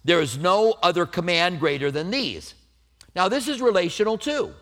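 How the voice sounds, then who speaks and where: A middle-aged male pastor preaching in a relaxed, conversational way, with bits of self-deprecating humor. His voice sits a little high and moves through a very lively, swinging melody. He goes from warm explanation to light storytelling without losing the sermon's thread. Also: moderate pace.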